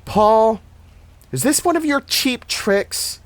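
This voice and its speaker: Man doing a high, sarcastic teen babysitter, quick quips, storybook reading. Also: expressive, dry recording, lightly acted. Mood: nervous. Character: teenage girl babysitter, wisecracking and jumpy.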